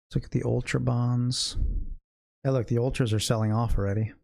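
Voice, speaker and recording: A man's voice: medium pitch, little pitch movement, a little fast, vocal fry, a little mellow. A man hosting a live day trading stream, thinking aloud in loose, chatty sentences and talking directly to viewers in the chat. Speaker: day trading educator and livestream host.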